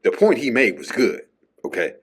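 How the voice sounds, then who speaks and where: A man's voice: mid-range voice, wildly swooping pitch, moderate pace, slightly rough. A man hosting his own show, talking through a casual solo monologue and tagging his points with a questioning "okay?". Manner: chatty, tags lines with "okay?". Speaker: podcast host.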